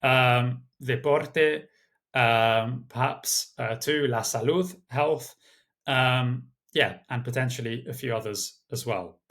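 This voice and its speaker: A man giving a recorded exam tutorial, speaking in a measured way with many uh and um fillers. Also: mid-range voice, a bit bright. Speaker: language tutor. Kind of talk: screen-share exam tutorial.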